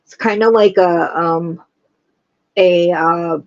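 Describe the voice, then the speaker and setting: A woman hosting a casual livestream, chatting and gushing with excitement. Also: on the low side, takes it slowly, highs cut off. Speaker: livestream host. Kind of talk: casual chat.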